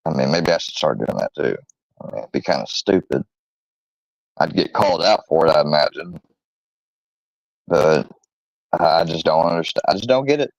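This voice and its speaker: A man hosting his own channel, rambling defensively with many fillers and pauses as he rants casually. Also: very deep voice, expressive, creaky, no echo. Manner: rambling, halting, full of fillers; defensive, irritated. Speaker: channel host. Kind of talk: rambling casual vlog rant. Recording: dull lo-fi close recording.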